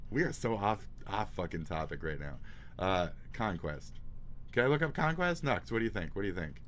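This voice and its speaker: Man, live streamer, low voice, lively pitch swings, profane, mocking, excitable reaction chat. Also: normal speed, slight background noise.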